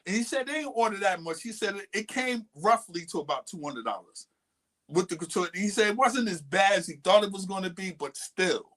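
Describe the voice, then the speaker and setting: A man's voice: high voice, fairly quick. Man animatedly retelling a story. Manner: animated retelling with quoted voices. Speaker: podcast co-host. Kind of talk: casual storytelling chat.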